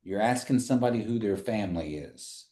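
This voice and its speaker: A man's voice: on the low side, expressive, dark tone. Patient male language teacher, echoey room. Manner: patient, repeats phrases slowly for students. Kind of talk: classroom language lesson. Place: classroom.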